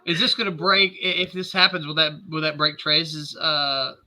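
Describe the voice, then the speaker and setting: A man's voice: a little high, little pitch movement, normal speed, bright, forceful tone. A man playing a tabletop role-playing game, talking hesitantly with many restarts. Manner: hesitant, restarts often, laughs. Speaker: player. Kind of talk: tabletop role-play, casual.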